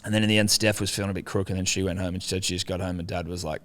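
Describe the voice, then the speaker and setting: A man's voice: low-pitched, racing. A young man on a casual podcast chat, swearing freely and acting out quotes as he tells a story. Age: young adult. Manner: swears a lot, animated storytelling with voiced quotes. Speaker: podcast co-host.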